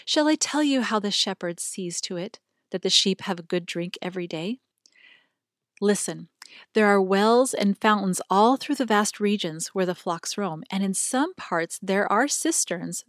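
A woman voicing a gentle middle-aged Syrian shepherd man who tells stories tenderly and reverently. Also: mid-range voice, no echo, clean studio sound, natural voice.

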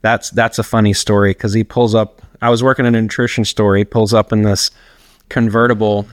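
Here the personal trainer's voice sits on the low side, fairly quick and with little pitch movement. As a guest in a casual interview, the middle-aged man rambles through anecdotes and laughs while telling them. The audio is clean studio sound without room sound.

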